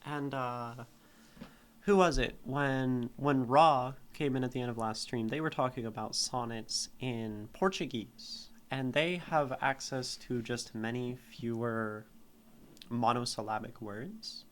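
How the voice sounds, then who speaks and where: A man's voice: mid-range voice, steady tone, slow. A man streaming live, reading a poem aloud and then picking apart its meter and syllables. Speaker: streamer critiquing poetry.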